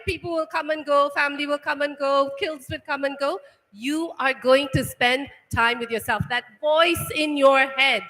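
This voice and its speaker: A woman's voice: sits high, a bit bright. A woman giving a motivational talk to students, firing off rhetorical questions and checking in with "right?" after each point. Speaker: workshop speaker. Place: large hall. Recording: echoey hall.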